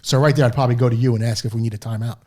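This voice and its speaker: A man's voice: medium pitch, fairly even intonation, rapid-fire, darkish tone. A middle-aged man, a guest in an interview, telling long rambling stories about his coaches. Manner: rambling anecdotes, acts out quoted dialogue. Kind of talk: storytelling in a podcast interview.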